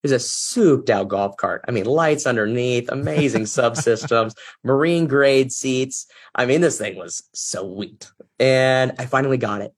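A man with a slightly husky, mid-pitched voice tells a personal story as an interview guest. He speaks earnestly and reflectively, with real feeling behind his words. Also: measured pace. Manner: earnest, reflective, emotional at times. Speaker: podcast guest, business executive.

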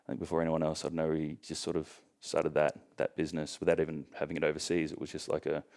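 A young Australian man chatting casually as a podcast guest, joking and relaxed, with lots of ums. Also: extremely low pitch, fast talker, gravelly. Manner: joking, relaxed storytelling with fillers. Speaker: guest, professional bodybuilder.

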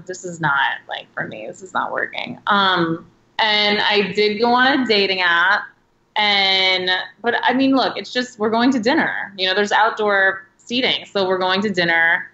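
A chatty woman in her late thirties tells her stories in a bright, forward voice, leaning on "like" at every turn. Her audio sounds roomy and a little muffled, as if it came over a remote link. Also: medium pitch. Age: late 30s. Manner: chatty storyteller, heavy use of "like". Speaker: podcast guest. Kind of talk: casual interview chat.

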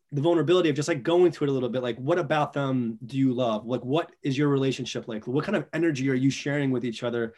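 A man hosting a podcast, asking questions and reflecting in a relaxed, encouraging way with loose phrasing. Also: medium pitch. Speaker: podcast host. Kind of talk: casual interview conversation.

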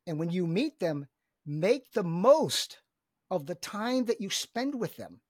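Husky, excited middle-aged man. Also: high voice, normal speed, no room sound, studio quality. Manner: enthusiastic, emphatic, repeats words. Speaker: guest, business coach. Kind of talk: energetic podcast conversation.

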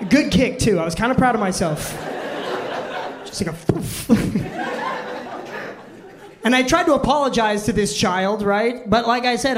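A young man in his twenties performing stand-up, his voice pitched notably high. He tells stories with a self-deprecating, awkward charm into a stage microphone, and a crowd of listeners murmurs and laughs faintly in the background. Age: 20s. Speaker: stand-up comedian. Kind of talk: stand-up routine. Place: comedy club stage with audience. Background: audience laughter.

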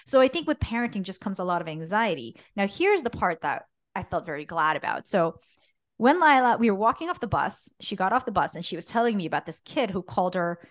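A woman co-hosting a podcast, talking openly and casually with plenty of filler words. Her pitch swings widely as she tells stories, and the recording is dry and close with no room echo. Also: brisk. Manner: candid, animated storytelling, many "like" fillers. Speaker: podcast co-host. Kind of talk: casual faith podcast chat.

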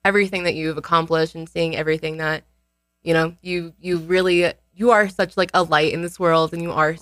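A woman's voice: deep voice, fairly even intonation, a little fast, a bit bright, no room sound. A woman giving a rambling, heartfelt birthday toast to her friends and colleagues in casual chat. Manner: rambling, heartfelt, restarts often.

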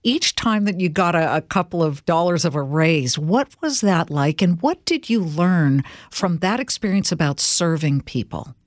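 A woman's voice: on the low side, animated, normal speed, hardly any pauses, no room sound, clean studio sound. A woman from California hosting an interview, speaking emphatically and addressing her listeners. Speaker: host. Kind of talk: interview host.

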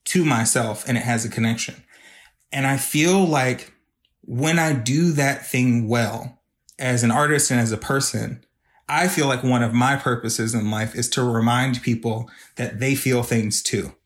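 A man's voice: mid-range voice, fairly even intonation, unhurried. A man speaking as a podcast guest who makes videos. He talks in an earnest, reflective way and is openly emotional. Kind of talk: casual podcast conversation.

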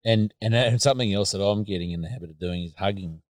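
A man's voice: on the low side, fast, no room sound. A man with an Australian accent hosting a podcast, talking reflectively and hesitantly, with many fillers and restarts. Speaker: podcast host. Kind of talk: casual conversational interview.

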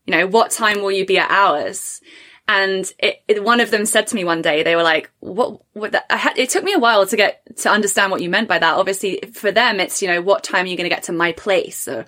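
A chatty woman with an English accent hosts a relaxed podcast conversation. She laughs often and slips easily into quoting people as she talks. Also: medium pitch, fast talker. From England. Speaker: podcast host. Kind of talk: casual conversational interview.

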